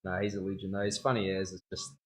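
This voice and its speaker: A young tattoo artist chats casually on a live stream while working in his studio, laughing often and using plenty of slang. He has a deep, monotone voice and talks fast.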